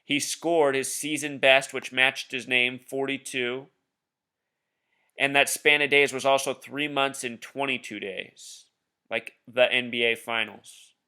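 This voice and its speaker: A video blogger's medium-pitched voice is clear, resonant, and sharp, with a steady, unhurried delivery. He casually explains his theories over a screen share, insistent and conspiratorial, calling the viewer "Truth Seeker."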